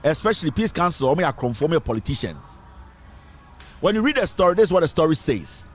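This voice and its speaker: A fast talker with a fairly high, sing-song, slightly rough voice, this Ghanaian-accented host comments on politics for an online news show. He repeats phrases emphatically and switches back and forth between English and Twi.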